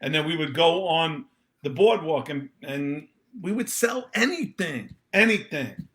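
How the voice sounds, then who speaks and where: Man, podcast guest, animated and joking, bright tense voice, slightly high. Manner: animated, joking, quick to laugh. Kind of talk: casual chat.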